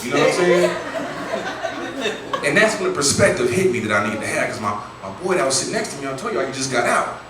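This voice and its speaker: A man's voice: a little high, big pitch swings, quick pace. A man performing a stand-up comedy set with loose, profane, conversational storytelling at a live venue. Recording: echoey room, distant mic, audience noise.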